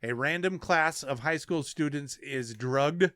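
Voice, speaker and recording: Man, podcast host, slightly high voice, dry, relaxed cursing chat. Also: measured pace, no echo. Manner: laid-back, profane, stumbles over names. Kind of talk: casual chat and reading movie info.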